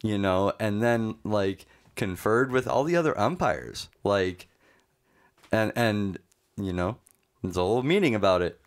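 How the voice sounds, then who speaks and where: Man, sports podcast co-host, low voice, casual chatty recap. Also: lively intonation, measured pace, clean tone. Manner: chatty, recaps game details with fillers.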